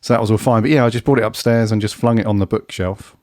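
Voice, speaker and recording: A man co-hosting a casual fan podcast, croaky from a head cold and chatty, calling his co-host "mate". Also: fairly low pitch, steady tone, fast talker, darkish tone, no echo, studio quality. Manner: chatty, says "mate" a lot. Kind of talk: casual chat.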